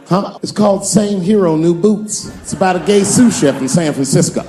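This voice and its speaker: A man doing a stand-up set, telling a long story in a fairly high voice. He keeps switching into shrill, acted voices for the people in it. Faint music plays underneath. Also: fairly quick, few pauses, mellow. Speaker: stand-up comedian.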